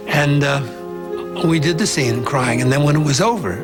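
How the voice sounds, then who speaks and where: A man's voice: on the high side, moderate pace. A former child actor telling a story in an interview, acting out the voices he quotes, with music beneath. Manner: animated, acts out quoted voices.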